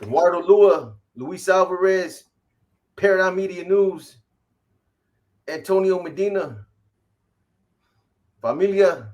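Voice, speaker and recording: A man hosting a casual livestream, reading off viewer names in quick shout-outs and slangy greetings. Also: sits high, animated, highs cut off. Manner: rattles off viewer shout-outs, slangy, calls people boy. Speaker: livestream host.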